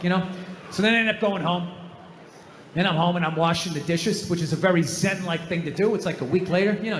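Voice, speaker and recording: A man's voice: high voice, noisy background. A male stand-up comedian ranting and swearing with self-mocking humor on a theater stage. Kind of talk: stand-up routine. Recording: echoey hall, faint ambience.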